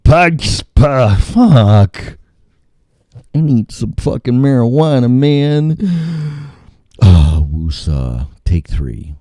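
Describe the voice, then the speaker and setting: Slow, lively-voiced crude talk host. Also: male voice, mid-range voice, no echo, studio quality. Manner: crude, rambling, sings filler noises. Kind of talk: casual ad-libbed radio talk.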